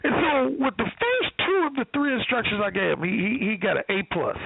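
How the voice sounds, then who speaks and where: A male dating coach tells a story with cursing and plenty of animation, his high voice bouncing all over. His tone is gravelly and husky. It sounds squeezed through a tinny phone line. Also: expressive, brisk, no echo. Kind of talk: storytelling on a call-in show.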